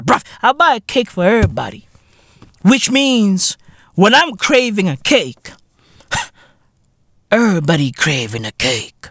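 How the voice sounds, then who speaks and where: A South African man hosting a podcast, delivering a profane, swaggering comedic rant that bursts into loud outcries. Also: a little high, vocal fry, no room sound, clean studio sound. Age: adult. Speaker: podcast host.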